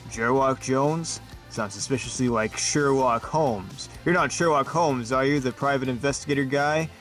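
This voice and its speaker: A man's voice: medium pitch, moderate pace, a bit bright, soft background music, natural voice. A man voicing a suspicious male doorman of a secret club in an amateur comedy sketch, asking wary questions.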